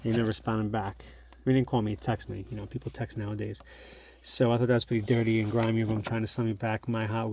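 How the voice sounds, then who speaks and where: Nostalgic and chatty, a middle-aged man shows an old magazine at home for his collectibles channel, thinking out loud in casual narration. His voice runs on the low side with a darkish tone, and a little hiss or hum can be heard.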